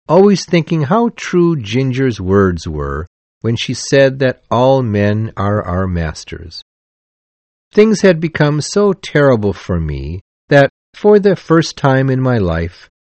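A man reading a novel aloud as an audiobook, in a measured, expressive storytelling manner. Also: medium pitch, dry recording. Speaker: audiobook narrator. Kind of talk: scripted audiobook narration.

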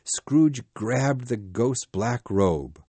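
A man reading a storybook aloud in a slow, measured, expressive way. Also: mid-range voice, breathy edge, no room sound. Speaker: narrator.

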